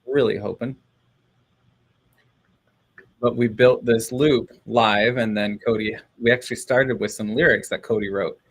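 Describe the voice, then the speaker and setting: A man's voice: medium pitch, steady tone, unhurried, pauses often, husky. A man chatting casually on a live stream, rambling and cheering himself on with frequent laughs. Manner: rambling, self-encouraging, laughs often.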